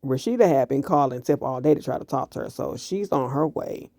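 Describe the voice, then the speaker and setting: A man recapping a TV series episode in casual, animated commentary, blunt and full of profanity. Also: medium pitch, fairly quick, vocal fry, no room sound, studio quality. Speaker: TV show reviewer.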